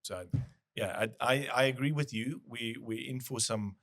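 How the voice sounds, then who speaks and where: A man's voice: medium pitch, moderate pace, vocal fry, fairly bright tone. A man hosting a business podcast, talking casually and thinking aloud with frequent restarts. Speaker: podcast host.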